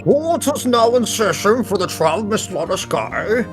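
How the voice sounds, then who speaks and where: Man voicing an old judge, mumbly, formal, lively pitch, game music behind. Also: a little slow. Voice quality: mumbly, as if with marshmallows in the mouth. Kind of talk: voicing a game character in a group read-through.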